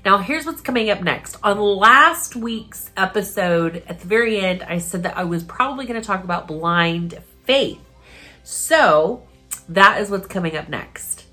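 A woman's voice: mid-range voice, animated, a little slow, pushed and bright. A woman hosting a devotional podcast, delivering an earnest, emphatic faith talk.

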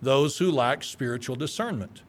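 A man's voice: medium pitch, moderate pace. A male pastor preaching a sermon in an earnest, conversational way that climbs into emphatic peaks.

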